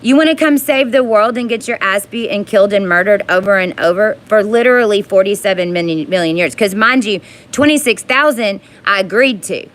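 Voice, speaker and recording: A woman in an angry, profane monologue to her viewers, rising into yelling. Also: medium pitch, fairly quick, hardly any pauses.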